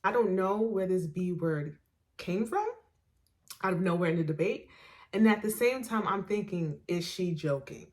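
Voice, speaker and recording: A woman hosting a podcast, telling a personal story in a lively way, laughing often and acting out what people said. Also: on the low side, moderate pace. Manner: animated, laughs often, acts out quoted dialogue. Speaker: podcast host.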